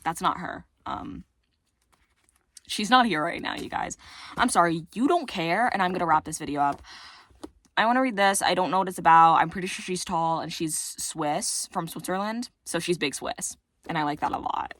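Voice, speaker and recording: A woman's voice: fairly low pitch, moderate pace, a bit bright, dry recording. A teenage girl chatting casually to her viewers about books, rambling and self-deprecating, full of fillers, with a voice that cracks. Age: teens. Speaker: book vlogger. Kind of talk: casual chat to camera.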